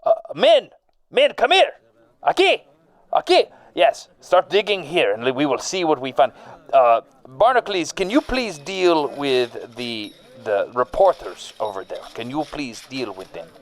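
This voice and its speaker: A man playing an excitable, bumbling 18th-century excavation leader who stumbles over his words and whose accent keeps slipping. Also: medium pitch, measured pace. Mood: eager. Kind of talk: comedy sketch acting.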